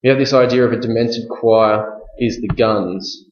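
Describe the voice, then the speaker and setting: A male teacher giving a recorded lesson on a poem, reading verse slowly and explaining step by step with frequent "okay?" checks. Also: on the low side, fairly even intonation, a little hiss or hum. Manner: reads verse slowly and deliberately. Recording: echoey room, dull lo-fi sound.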